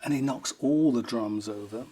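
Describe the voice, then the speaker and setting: A man's voice: medium pitch, normal speed, dark tone, husky. A man, a rock guitarist, telling fond, rambling anecdotes in an interview, amused and laughing now and then.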